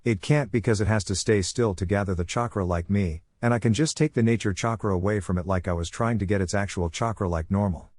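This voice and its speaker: A man's voice: on the low side, brisk, few pauses, a little mellow, close to an everyday voice. Man reading as a sarcastic young ninja. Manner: sarcastic, blunt.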